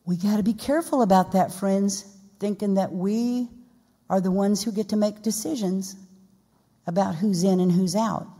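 A woman's voice: mid-range voice, normal speed, mellow. A woman pastor preaching a sermon in a folksy, conversational way with playful asides. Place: church sanctuary. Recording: long reverb in a church hall.

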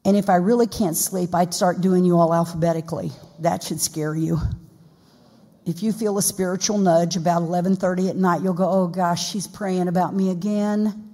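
A woman's voice: on the low side, steady tone, a little fast, dark tone. Folksy woman pastor preaching. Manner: folksy, conversational, playful asides. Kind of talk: sermon. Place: church sanctuary. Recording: long reverb in a church hall.

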